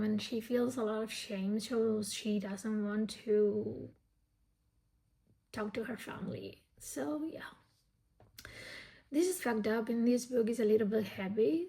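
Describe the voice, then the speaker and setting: Woman reading vlogger, slow and gravelly, blunt and profane. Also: fairly high pitch, warm tone. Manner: candid, heavy swearing, restless. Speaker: book vlogger. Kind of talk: casual reading vlog.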